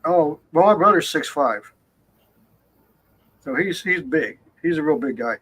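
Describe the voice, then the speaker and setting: A man's voice: fairly high pitch, animated, a little slow, fairly bright tone, breathy edge, poor audio. A man in casual chat, telling family stories with emphatic asides. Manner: chatty, emphatic storyteller.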